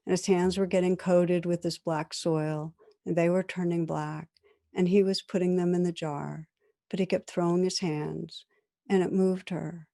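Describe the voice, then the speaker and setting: A woman meditation teacher giving a dharma talk, telling a story in a calm, measured, gentle way. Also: lowish voice, vocal fry.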